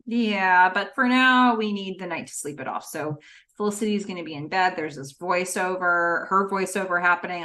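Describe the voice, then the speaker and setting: A woman's voice: on the low side, moderate pace, bright, forceful tone. A woman co-hosting a podcast, casually retelling scenes from a TV episode and acting out the characters' quotes. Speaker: podcast co-host. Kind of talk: casual recap chat.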